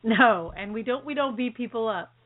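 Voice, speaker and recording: An excitable, chatty woman co-hosts a call-in radio show and laughs easily as she talks. Her voice comes through a narrow, phone-like line that strips away the lows and highs. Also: moderate pace. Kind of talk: casual chat. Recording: phone-like band-limited audio.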